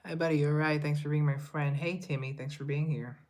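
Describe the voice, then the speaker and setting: A man's voice: fairly high pitch, fairly even intonation, a little fast, a little mellow. A young man from Colombia chatting casually on a live stream, reading viewer comments and rambling in a self-deprecating way. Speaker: livestreamer and musician.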